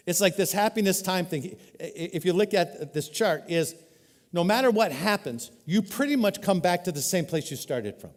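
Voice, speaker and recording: A man preaching a sermon as a pastor, earnest, swinging between loud emphatic peaks and quiet, dropped-down lows. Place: church hall. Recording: live hall reverb.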